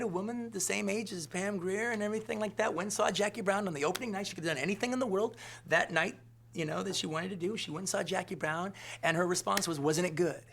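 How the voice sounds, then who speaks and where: Male director, raised pitch, sharp bright tone, loose filler-heavy storyteller. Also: gravelly. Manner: rambling, filler-heavy, keeps asking "all right?". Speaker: film director. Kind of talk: interview anecdote.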